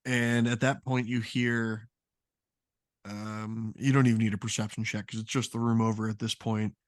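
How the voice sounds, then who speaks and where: Halting male game master, dry mic. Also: lowish voice, little pitch movement, dry recording. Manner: casual, halting. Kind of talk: narrating a tabletop game.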